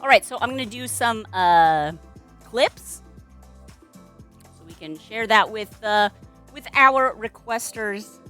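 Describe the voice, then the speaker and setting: Streaming live from home, a young adult woman who makes balloon art talks to her cat in playful, sing-song baby talk. Her voice is a little high and fairly bright, her pace slow with long pauses, and faint music plays behind her.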